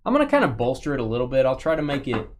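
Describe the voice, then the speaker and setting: A man's voice: mid-range voice, wildly swooping pitch, rapid-fire, a little mellow. Chatty man hosting a live card break. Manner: chatty, joking asides to viewers while opening packs. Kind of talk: casual live-stream commentary.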